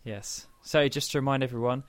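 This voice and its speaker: A man hosts a relaxed gaming podcast, rambling through announcements with frequent restarts. His voice sits at an ordinary middle pitch. The sound is dry and close, with no room around it. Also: fairly quick, clear, resonant tone, no room sound. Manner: rambling, chatty, laughs often. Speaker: podcast host. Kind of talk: casual podcast chat.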